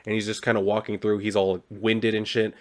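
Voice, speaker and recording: A man's voice: fairly low pitch, little pitch movement, fairly quick. A man reviewing a comic book, retelling the plot in a loose, profane, casual way full of "like".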